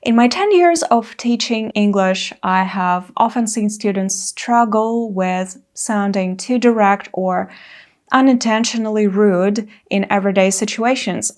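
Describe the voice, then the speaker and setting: Slow-speaking female English teacher. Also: medium pitch, darkish tone. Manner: clear, careful teaching delivery with acted example phrases. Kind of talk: English lesson to camera.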